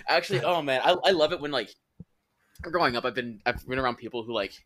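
A man's voice: medium pitch, lively intonation, fast, fairly bright tone. A man co-hosting a comedy podcast, telling jokey stories with casual swearing. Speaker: podcast co-host.

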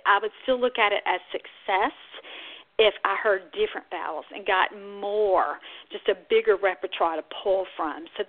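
A speech-language pathologist hosting an instructional podcast calmly explains techniques for helping toddlers talk, at a moderate pace and an ordinary middle pitch. The audio is thin and tinny, like a phone line. She explains steadily, then breaks into high, sing-song demonstration sounds.

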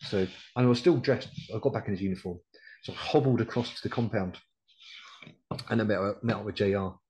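Poor audio with a little hiss or hum carries this fairly low-pitched, slightly fast, darkish male voice. The speaker is a middle-aged UK military veteran, a decorated RAF Regiment man guesting on a podcast, who recounts his story bluntly and with lots of swearing in a casual interview, quoting what others said.

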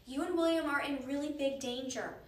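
A woman's voice: sits high, a little fast, close to an everyday voice. A woman reading aloud as a serious young boy who speaks steadily and reassures others. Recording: roomy, distant mic, faint noise.

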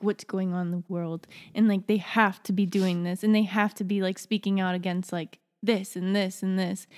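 Young woman rambling on her podcast, echoey reverb-y room sound. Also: medium pitch. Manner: rambling, restarts often. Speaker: podcast co-host. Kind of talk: casual chat.

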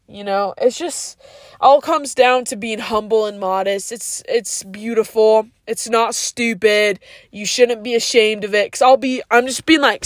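Speaking at medium pitch, a woman hosts a podcast and delivers an earnest, preachy monologue in a casual register, sprinkling in slang such as "yo" and "bro" and filling it with "like". The sound is studio quality, without echo.

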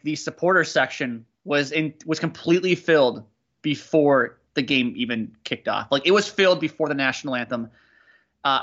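Bright-voiced joking podcast man. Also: fairly high pitch, highs cut off. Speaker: podcast co-host. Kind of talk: casual chat.

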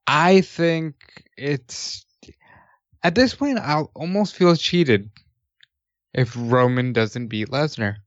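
A man's voice: fairly high pitch, animated, slow pace, pauses often, dry recording, muffled recording. A man in casual wrestling podcast chat, opinionated and profane.

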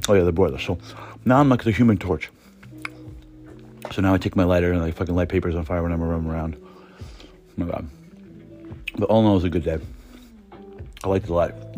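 A man's voice: low voice, a little mellow, slightly rough. A man telling a rambling, profane story in a casual podcast monologue, full of restarts. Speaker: podcast host.

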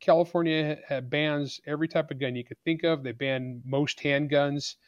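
A man's voice: fairly high pitch, fairly even intonation, normal speed, dull audio. An argumentative man speaking as an author in a podcast interview. His delivery is blunt and emphatic, and the sound is dry and close, with no room echo.

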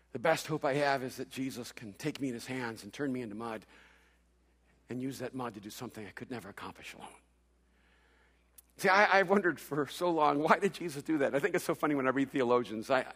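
A man preaching a sermon, telling a story with playful humor and quick stammered restarts. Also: mid-range voice, a bit bright, husky. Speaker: pastor. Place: large hall with long reverb. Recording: echoey hall reverb.

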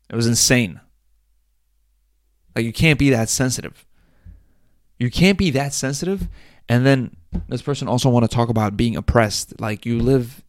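A man's voice: mid-range voice, no echo, studio quality. A young man hosting a solo podcast, rambling and crude, laughing at his own jokes. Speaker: podcast host. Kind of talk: casual solo podcast rant.

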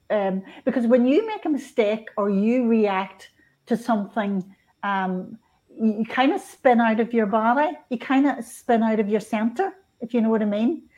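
A woman in her fifties from Northern Ireland, a guest on an interview show, talking earnestly and gently with frequent restarts and soft laughs. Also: on the high side, muffled recording. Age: 50s. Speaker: guest, spiritual author. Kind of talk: conversational interview.

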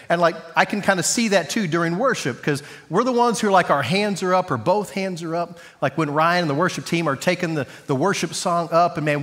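In a church sanctuary, a male pastor delivers a sermon in a fairly high, slightly bright voice that carries through a large hall. His manner is casual, joking, and conversational.

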